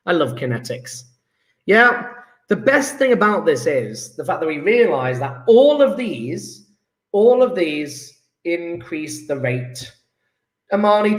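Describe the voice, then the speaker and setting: A man's voice: sits high, fairly bright tone. Upbeat chemistry teacher guy, voice jumps all over, kinda echoey room. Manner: enthusiastic, coaxing students, quick asides. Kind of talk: live online lesson. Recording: roomy echo.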